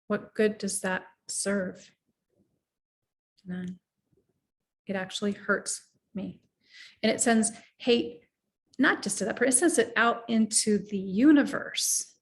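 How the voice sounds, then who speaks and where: Speaking at a medium pitch, a middle-aged woman offers motivational coaching in an earnest, reflective tone. Occasionally she walks the listener through slow breaths.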